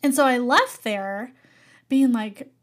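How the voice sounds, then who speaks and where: A young woman, an art teacher, telling a personal story in an expressive, animated way and laughing often. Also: on the high side, slow.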